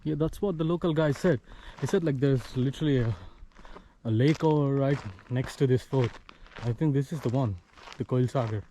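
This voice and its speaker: A man's voice: mid-range voice, moderate pace. Breathless young man vlogging outdoors. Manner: excited, chatty, addresses viewers as guys. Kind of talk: casual trekking vlog. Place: outdoors on a hilltop fort. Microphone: handheld phone. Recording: noisy outdoor phone recording.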